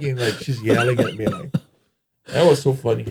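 A middle-aged man from Hawaii speaks, at an average pitch for a man. He tells stories in a loose, animated, laid-back way, as a guest in a casual interview. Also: fairly quick, creaky, crowd noise. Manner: animated, laid-back storyteller who slips into voices.

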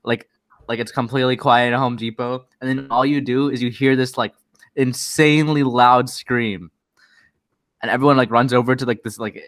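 A man's voice: mid-range voice, steady tone, normal speed, a bit bright, no echo. A young man telling a rambling story in casual chat over a video call, full of fillers and giggles.

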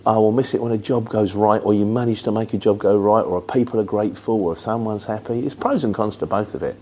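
Chatty English trucker with Mockney twang. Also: male voice, lowish voice, quick pace, dark tone. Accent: Luton, with a Mockney market-trader twang. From England. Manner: chatty, rambling, plain-spoken with many fillers. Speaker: truck driver vlogger. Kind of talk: casual chat answering viewer questions.

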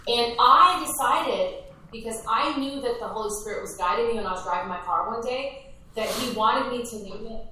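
A woman from Minnesota, a ministry founder, telling her story in an animated, emphatic way with repetitions. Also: a little high, moderate pace, a little hiss or hum. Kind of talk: conversational interview. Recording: echoey, distant from mic.

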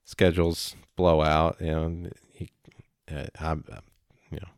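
A man chatting casually as a podcast co-host, rambling and halting with many fillers. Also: extremely low pitch, flat delivery, vocal fry, no echo, studio quality. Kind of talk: casual chat.

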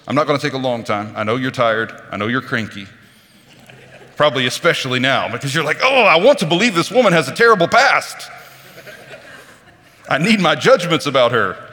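A man delivers a sermon in a chatty, animated manner, his pitch rising and falling widely. His tone is bright and forceful. The sound carries a long reverb, as in a large church hall. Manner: animated, conversational, acts out quoted voices. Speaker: preacher.

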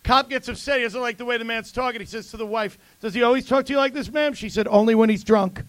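A man who is a comedian, telling jokes in casual chat with deadpan punchlines. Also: extremely high pitch, quick pace. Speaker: comedian guest.

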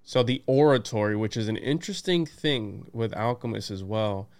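A man hosting a casual podcast chat, excitable and laughing, reading aloud from notes. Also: lowish voice, normal speed. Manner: excited, laughing, says "bro" and "dude". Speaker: podcast host.

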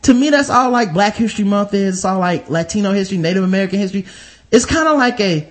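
A man's voice: high-pitched, expressive, fast. A man in casual podcast chat, rambling through comic riffs full of swearing and mock voices.

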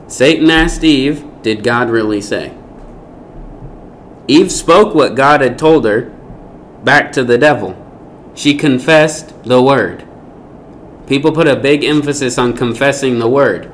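Male Bible teacher, average pitch, emphatic delivery with rhetorical questions, faint background noise. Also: measured pace.

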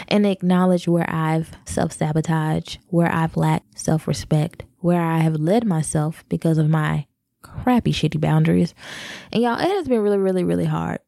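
A woman's voice: low-pitched, normal speed, creaky, mellow, no echo, studio quality. A woman in her thirties talking candidly to her viewers in a personal vlog, confessional and direct. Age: 30s. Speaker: vlogger.

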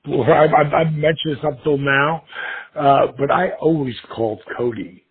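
A gravelly, husky middle-aged man talks through a tinny phone line. He tells his story casually and with lively energy, slipping into the voices of the people he quotes. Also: a little high, a little slow. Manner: animated, acts out quoted voices. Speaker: podcast guest.

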